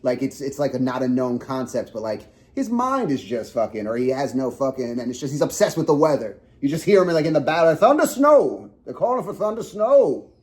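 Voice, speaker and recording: A man's voice: medium pitch, expressive, quick pace, few pauses, darkish tone. A young man co-hosting a podcast, rambling in casual chat with heavy swearing and lots of fillers. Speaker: podcast co-host.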